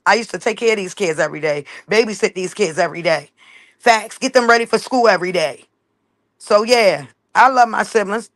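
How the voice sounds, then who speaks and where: Woman, gravelly, blunt live-stream rant, dry close sound, emphatic. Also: mid-range voice, a bit bright, no echo. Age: adult with children. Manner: blunt and emphatic, keeps punctuating with "facts" and "period". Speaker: livestreamer talking to viewers.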